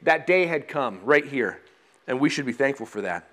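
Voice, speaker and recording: A man's voice: mid-range voice, animated, normal speed, a bit bright. A man preaching a sermon in a conversational way, with fillers and restarts, reading scripture aloud. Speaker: pastor.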